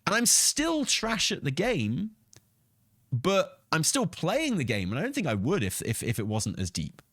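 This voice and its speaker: A man's voice: fairly high pitch, huge pitch swings, measured pace, a bit bright, no echo, clean studio sound. A man hosting a casual gaming commentary, answering chat messages in a blunt, argumentative, sweary way and often laughing. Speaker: streamer and channel host.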